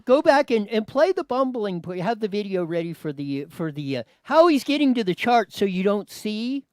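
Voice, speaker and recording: Animated high-voiced male news host. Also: moderate pace, clean tone, no room sound. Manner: animated, talks to his producer, many restarts. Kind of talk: commentary on a news clip.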